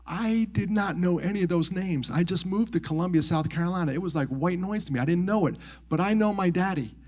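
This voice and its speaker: A man giving a live talk as a motivational speaker, telling personal stories with animated, acted-out quotes and quiet, softened moments. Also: a little fast. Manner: animated, acts out quoted voices with big pitch jumps; drops to soft, quiet tones on grief. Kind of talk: live storytelling talk on suicide prevention. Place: military base venue.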